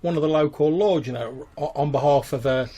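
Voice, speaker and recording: A man's voice: fairly high pitch, a little fast, mellow, lo-fi sound, close to an everyday voice. A man voicing a chatty young male town guard who rambles with lots of fillers and hesitations.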